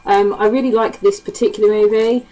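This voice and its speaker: A Cockney woman from London's East End vlogs to camera in a casual chat, swearing freely and laughing often, with lots of ums and other fillers. Her medium-pitched voice is mellow and steady, and she talks briskly. The audio is poor, with slight background noise.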